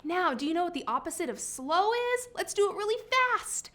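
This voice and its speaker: Bright high librarian. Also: female voice, sing-song, normal speed. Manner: cheerful sing-along leading. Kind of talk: preschool story time with songs.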